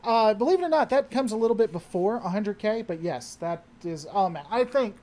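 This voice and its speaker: A man's voice: high voice, lively intonation, a little fast, mellow. A man hosting a casual livestream, answering chat and often trailing off and restarting his sentences.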